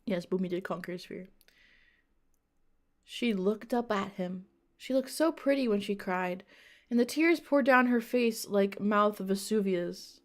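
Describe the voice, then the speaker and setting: A woman's voice: medium pitch, measured pace. A woman streamer reading bad fanfiction aloud, breaking off for mocking, profane asides.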